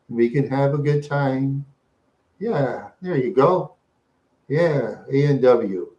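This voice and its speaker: Rambling live-stream host, a man who repeats lines over and over, medium pitch, roomy echo. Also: slow pace, dark tone, highs cut off. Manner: repetitive, rambling, talks to chat viewers. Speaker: livestream host.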